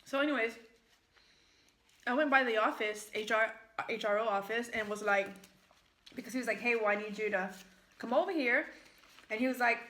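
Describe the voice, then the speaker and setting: A woman's voice: a little high, moderate pace, long pauses, bright, forceful tone. A young American woman vlogging at home, eating and chatting in a rambling, filler-heavy storytelling way. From United States. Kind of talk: casual mukbang chat while eating. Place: at home, in the kitchen. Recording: echoey room.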